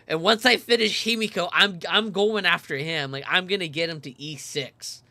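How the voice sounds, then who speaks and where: A man giving casual, excitable game commentary, chatty and full of fillers, laughing often. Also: sits high, moderate pace, dry recording. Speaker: game streamer.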